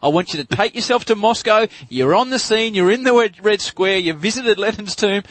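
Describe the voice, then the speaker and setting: A man's voice: sits high, lively intonation, fairly quick, a bit bright, no room sound. An Australian man hosting sports radio, teasing his co-hosts and laughing often. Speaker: radio host.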